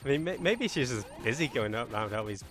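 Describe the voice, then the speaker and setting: This man from Manchester, England, with a Mancunian accent, has a mid-range, expressive voice and talks a little fast. Chatting casually while playing a game on a live stream with music in the background, he rambles and cracks self-deprecating jokes with viewers.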